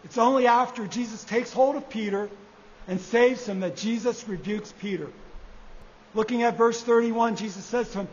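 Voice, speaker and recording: High-voiced man preaching in an echoey hall. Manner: measured, repeating key phrases for emphasis. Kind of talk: sermon. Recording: echoey hall, dull lo-fi sound.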